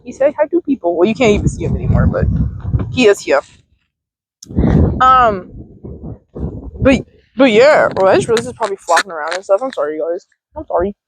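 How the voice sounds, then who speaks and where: A woman's voice: medium pitch, sing-song, a little fast, long pauses, slight background noise, low-quality recording. A young woman vlogging outdoors in a field, giving casual mindfulness advice in a chatty, rambling way with casual swearing, recorded on a handheld phone. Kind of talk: casual rambling self-help talk.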